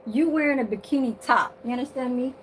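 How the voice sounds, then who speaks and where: A woman's voice: sits high, fast talker, slight background noise, low-quality recording. A woman vlogger chatting casually to her viewers from her bedroom, sassy and blunt, swearing freely and laughing often.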